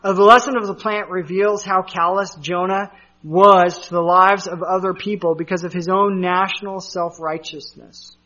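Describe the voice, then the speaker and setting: A man's voice: sits high, fairly even intonation, normal speed, pushed and bright, dull audio. A man preaching a sermon as a pastor, conversational with asides and fillers.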